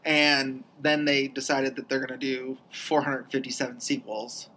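A woman's voice: a bass voice, little pitch movement, normal speed, bright, forceful tone, low-quality recording. Matter-of-fact woman podcast host. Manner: matter-of-fact, runs through upcoming listings. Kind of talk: casual chat.

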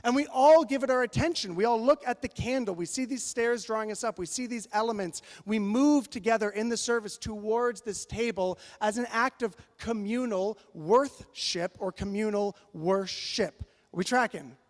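A man preaching a sermon as pastor, telling a story in an animated, playful way. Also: high-pitched, moderate pace, few pauses. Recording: long hall reverb.

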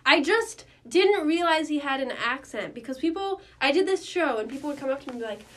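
A woman's voice: high voice, expressive, a little fast, a bit bright, a little hiss or hum. A young woman co-hosting a podcast in casual chat, bubbly and laughing often as she tells stories. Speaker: podcast co-host.

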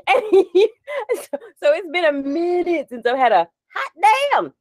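A woman in her forties co-hosting a podcast, telling a story in an animated, laughing way and drifting off on tangents. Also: high-pitched, a little slow, no echo. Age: 40s. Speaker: podcast co-host. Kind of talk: casual chat.

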